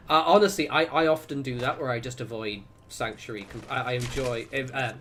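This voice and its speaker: A man's voice: medium pitch, fairly even intonation, fairly quick, hardly any pauses, fairly bright tone, a little hiss or hum. Rambling man chatting on stream. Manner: rambling, self-interrupting, chatty asides to viewers. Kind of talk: casual gaming livestream chat.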